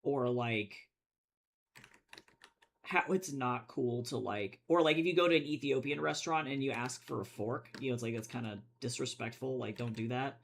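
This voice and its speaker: A man's voice: medium pitch, moderate pace, vocal fry, a bit bright. A man from the United States talks loosely and profanely, rambling with plenty of filler while he works on a drawing stream. He sits at a desk microphone at home. There is a faint hiss with keyboard clicks behind him. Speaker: comic artist streaming.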